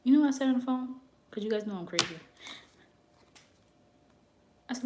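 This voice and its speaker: A young woman who works as a psychic reader, telling a story to her viewers in a brash, animated way and swearing freely. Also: mid-range voice, quick pace.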